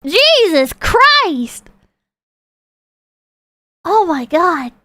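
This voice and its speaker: High-pitched, animated woman streamer. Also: extremely slow, dry recording. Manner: profane, excitable outbursts between calm donation readings. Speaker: livestreamer reacting to videos. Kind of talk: casual livestream commentary.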